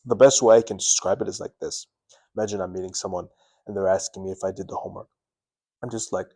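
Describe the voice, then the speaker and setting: Brief: male self-help host, lowish voice, earnest and animated, talks to camera, stumbles and restarts now and then. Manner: earnest, animated, varies tone up and down on purpose, restarts words. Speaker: self-improvement video host. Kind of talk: direct-to-camera advice talk. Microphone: camera mic.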